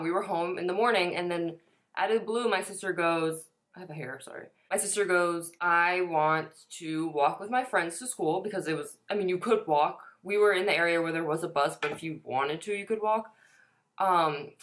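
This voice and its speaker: This woman's voice is on the low side with a fairly bright tone. She's a vlogger in her twenties sharing a personal story in a chatty, casual manner, dropping the odd swear word and a lot of "like."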